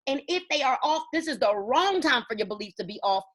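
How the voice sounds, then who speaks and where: In an expressive, high-sitting voice and at a fairly quick pace, a network marketing team leader rallies her sales team. Her talk is emphatic and preachy, with stories that include quoted dialogue, and background noise can be heard.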